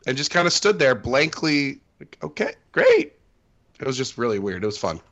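Rambling man with a lively voice. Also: mid-range voice, a little fast, lo-fi sound. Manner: rambling, many fillers and restarts. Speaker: podcast co-host. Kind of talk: casual chat.

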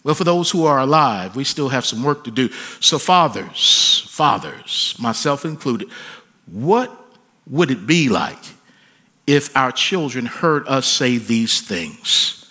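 Husky-voiced man preaching with swells. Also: a little high, lively intonation, a little slow. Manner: swings from hushed pleading to soaring shouted emphasis. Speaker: pastor. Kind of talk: sermon.

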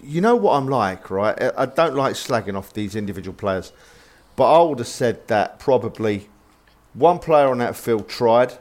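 A man's voice: mid-range voice, animated, moderate pace, a little mellow. A man, co-hosting a casual podcast chat, blunt and swearing as he works himself up into angry rants. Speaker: podcast co-host.

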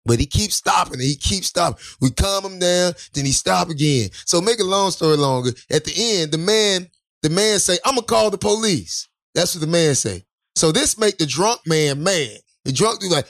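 A man telling a wild story in casual chat, acting out the people in it with shouted quotes and laughs. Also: sits high, lively intonation, normal speed, creaky. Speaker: podcast co-host telling a story. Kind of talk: animated storytelling with acted-out quotes.

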